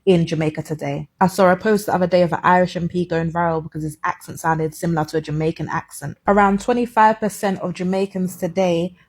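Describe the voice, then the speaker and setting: A woman reading scripted commentary in a measured, earnest and informative way. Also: lowish voice, fairly even intonation.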